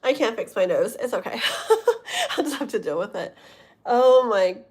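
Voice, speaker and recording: A woman's voice: fairly high pitch, lively intonation, normal speed, darkish tone, husky. A woman giving a livestream tarot reading, rambling and often checking in with her listeners. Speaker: tarot reader.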